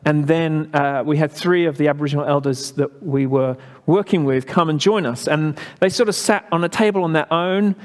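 English male pastor, fairly high voice, chatty and halting, long hall reverb. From England. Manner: chatty, halting storytelling with many fillers. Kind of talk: sermon.

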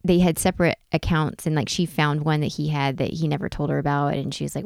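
Woman co-host with a lowish voice, lively and profane in casual chat, recorded dry. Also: quick pace, gravelly, hardly any pauses, dry recording. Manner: animated storyteller, swears freely, jumps into high exclamations. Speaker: podcast co-host.

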